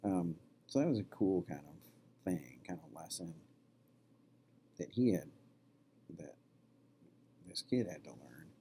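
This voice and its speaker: A man's voice: sits low, very animated, unhurried, pauses often, warm tone, slight background noise. A man who is a college professor, talking casually to his class and telling a story, loose and conversational with plenty of fillers. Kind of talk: classroom lecture with anecdote.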